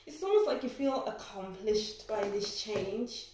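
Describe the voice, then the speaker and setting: Slow, emotional woman reading tarot, echoey. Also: mid-range voice, animated, darkish tone. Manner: emotional, gushing, exclaims often. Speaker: tarot reader. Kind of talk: pick-a-card tarot reading. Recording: very echoey room.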